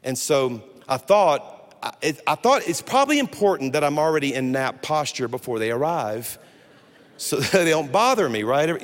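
A man preaching as a pastor, telling a funny personal story in an animated way and breaking off to restart his sentences. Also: fairly high pitch. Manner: animated, humorous, self-interrupting storyteller. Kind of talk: storytelling sermon. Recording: long hall reverb with faint music.

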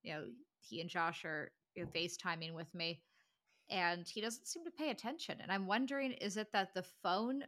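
A woman co-hosting a podcast in casual chat, animated and full of filler words. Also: fairly low pitch, normal speed. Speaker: podcast co-host.

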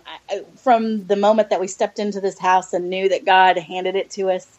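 A woman's voice: fairly low pitch, a little mellow. A middle-aged woman guest telling a heartfelt faith story in an earnest, hesitant way, full of fillers and near tears. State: close to tears. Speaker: podcast guest, adoptive mother. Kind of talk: personal faith testimony. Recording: dull lo-fi audio.

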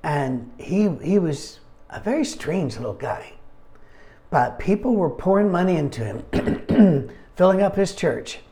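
Mellow-voiced man teaching a Bible study. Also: sits high, sing-song, measured pace. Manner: conversational, digressive, with wry asides; frequent throat-clearing.

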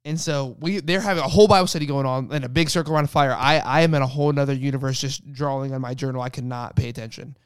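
A man's voice: medium pitch, fairly even intonation, quick pace, few pauses, clear, resonant tone, dry recording, studio quality. A young man co-hosting a casual faith podcast, telling a personal story with lots of restarts. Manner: rambling storyteller with many restarts. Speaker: podcast co-host.

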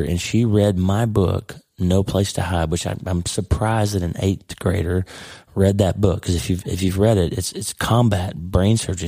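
A middle-aged man hosts his podcast with a hoarse, worn-out voice that crackles with gravel. He talks earnestly and rambles, often restarting his sentences. His tone is low and dark, and the recording is dry and close. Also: no echo. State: hoarse, lost voice. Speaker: podcast host. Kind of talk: casual podcast monologue.

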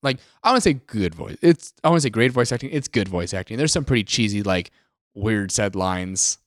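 Lively, rambling young-sounding podcast man. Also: on the low side, moderate pace, no room sound, studio quality. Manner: rambling, many "like" fillers, animated impressions of characters. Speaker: podcast co-host. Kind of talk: casual chat.

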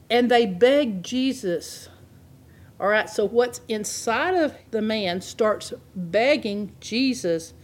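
A woman preaching a sermon, reading scripture aloud and laughing often as she explains it. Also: medium pitch.

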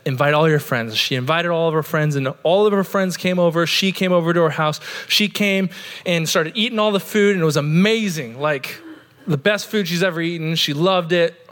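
A man's voice: fairly high pitch, a bit bright. Earnest conversational pastor, man. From Oregon, USA. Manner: conversational, earnest, with frequent "like" fillers. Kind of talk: sermon. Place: church sanctuary.

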